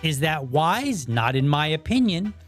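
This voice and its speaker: A man's voice: on the high side, very animated, measured pace, soft background music. Blunt ranting male podcast host. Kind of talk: opinion monologue.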